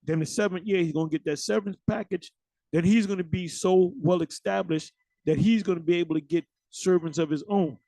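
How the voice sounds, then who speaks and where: A high-pitched man with a gravelly, fry-laced voice preaches bluntly and swears freely. He stumbles, restarts and repeats words as he goes, and the sound is dry and close with no room echo. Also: brisk, dark tone. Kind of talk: informal preaching to camera.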